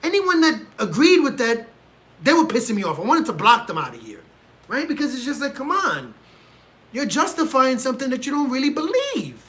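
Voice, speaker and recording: Animated high-voiced man ranting on stream. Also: fairly quick. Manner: animated, ranting and exasperated, talks to chat. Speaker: livestream host reacting to fights. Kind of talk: casual livestream chat. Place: home room.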